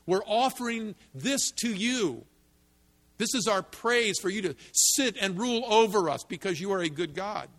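A man preaching in a church sanctuary, his slightly high voice carrying through a long, echoing reverb. He speaks with emphasis and swells into fervent peaks whenever he reads scripture aloud. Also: expressive, moderate pace, a bit bright. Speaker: pastor. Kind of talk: sermon. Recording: long reverb of a large hall.

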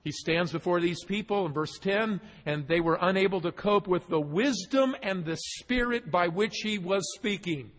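A man's voice: high-pitched, moderate pace, hardly any pauses. A man preaching a verse-by-verse sermon, stressing points through repetition. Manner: expository preaching, emphatic repetition. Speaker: pastor. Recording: long hall reverb.

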